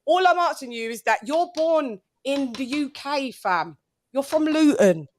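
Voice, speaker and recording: A woman's voice: high-pitched, expressive, a little slow. A woman hosting a call-in boxing show, talking emphatically in slang and repeating her points for effect. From England. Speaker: host.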